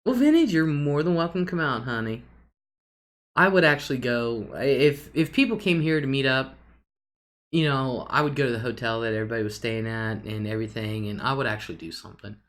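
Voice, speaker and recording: A woman with a very deep voice, talking a little fast, hosts a casual livestream. She chats loosely, reads viewer comments aloud, and laughs often.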